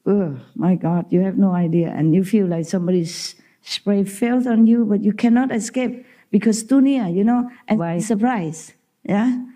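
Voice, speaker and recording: Dark-voiced woman teacher, laughing often. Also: medium pitch, normal speed. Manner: anecdotal, laughs often, simple non-native English. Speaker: spiritual teacher. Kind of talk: informal talk to disciples.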